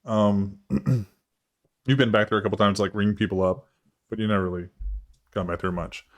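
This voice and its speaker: Casting: male game master, low-pitched, easygoing rambling narration of a live role-play stream. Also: fairly even intonation, moderate pace. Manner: loose, rambling, laughing narration.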